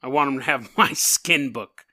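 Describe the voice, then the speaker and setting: A man voicing a dying male highwayman from the 1800s in an old-fashioned put-on drawl. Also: moderate pace, sharp tone. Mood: old-timey plea.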